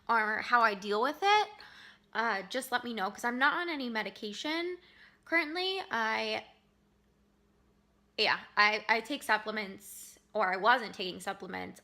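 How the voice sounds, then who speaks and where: A woman's voice: a little high, no room sound. A young woman vlogging in a casual, rambling chat, out of breath and filling her talk with "like". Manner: chatty and rambling, many "like" fillers. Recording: loud background noise.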